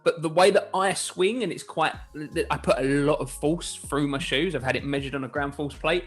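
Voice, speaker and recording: A man's voice: a little high, normal speed, soft background music. A man from England hosting a casual golf shoe review, chatty and jokey, often correcting himself mid-sentence. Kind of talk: casual chat.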